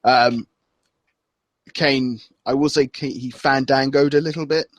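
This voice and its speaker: A man's voice: medium pitch, fairly even intonation, measured pace, dry recording. A man co-hosting a podcast, chatting loosely and acting out wrestlers' lines as he recaps. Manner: loose and rambling, acts out wrestlers' lines with laughs. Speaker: podcast co-host. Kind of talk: casual chat.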